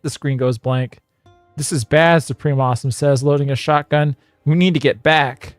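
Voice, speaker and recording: A male streamer who reads an AI-generated story aloud on stream, chuckling and rambling in quick bursts. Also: fairly high pitch, fairly even intonation, no room sound, soft background music.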